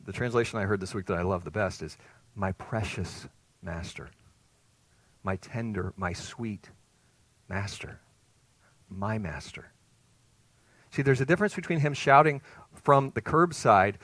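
A man preaching a sermon as pastor, earnest and emphatic, rising to loud peaks and dropping to soft, hushed phrases. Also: lowish voice, lively intonation, moderate pace, long pauses, no echo.

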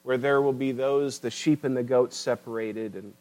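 A man's voice: medium pitch, fairly even intonation, normal speed, a little mellow, low-quality recording. A man preaching a sermon with impassioned, rising and falling emphasis, addressing listeners as beloved.

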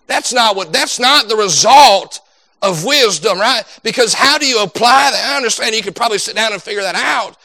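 Young male preacher, animated delivery, high voice, dry close sound. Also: fairly quick, dry recording. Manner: animated, acts out quoted voices. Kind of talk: sermon.

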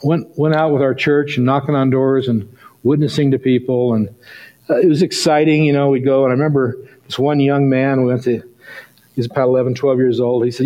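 A middle-aged male pastor preaching a sermon, telling a story and rising to excited peaks. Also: mid-range voice, fairly quick, muffled recording.

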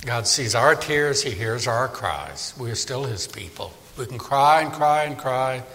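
Animated man preaching in a reverberant hall. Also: medium pitch, measured pace. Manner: animated, conversational, asks the audience questions. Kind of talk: sermon Bible study.

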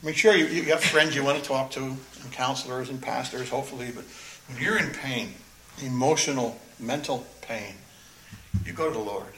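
Earnest preacher in an echoey room. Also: male voice, mid-range voice, a bit bright, a little hiss or hum. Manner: earnest, emphatic, repeats phrases, pauses to stress words. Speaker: pastor. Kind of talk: expository sermon, reading and explaining scripture.

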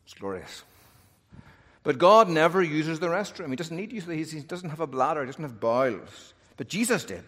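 Lively male preacher in a reverberant hall. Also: fairly high pitch, fairly quick, hardly any pauses. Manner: animated, humorous asides. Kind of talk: sermon.

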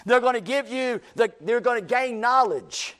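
High-voiced emphatic male preacher. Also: normal speed, a bit bright. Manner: folksy, emphatic preaching with repetitions. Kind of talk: sermon.

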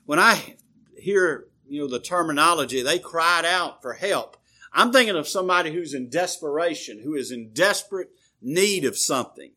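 A man preaching a sermon, explaining scripture in a measured, teaching way with frequent pauses and fillers. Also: a little high, lively intonation, bright, forceful tone, husky.

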